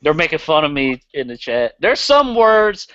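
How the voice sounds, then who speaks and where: Southern guy hosting a podcast, swears a lot, smooth clear voice, kinda muffled dry audio. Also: on the high side, big pitch swings, moderate pace, a bit bright, dry recording. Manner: blunt and profane, laughs easily. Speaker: podcast host. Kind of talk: casual podcast chat.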